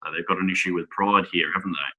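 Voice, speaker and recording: A man giving a Bible talk to young men, reading scripture aloud and asking rhetorical tag questions in a measured way. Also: low voice, steady tone, sharp tone, low-quality recording. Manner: measured, with small restarts. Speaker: speaker at a Bible school.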